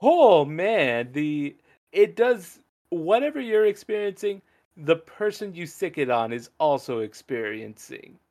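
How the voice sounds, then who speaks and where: A man hosting a casual podcast chat, rambling and animated, laughing often as he talks. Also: on the high side, measured pace.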